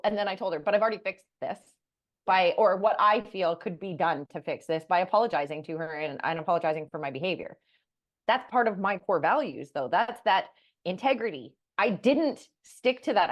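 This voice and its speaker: A middle-aged woman co-hosting a podcast, talking candidly and bluntly, animated and swearing freely. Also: mid-range voice, muffled recording. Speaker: podcast co-host. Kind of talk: candid casual chat.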